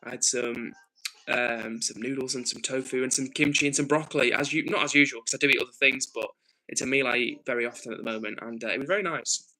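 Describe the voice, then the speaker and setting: A man's voice: medium pitch, bright, forceful tone, rough recording. A man from the north of England, hosting a casual livestream and reading out viewer messages. He talks earnestly, thinking aloud with frequent ums and restarts. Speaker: livestream host.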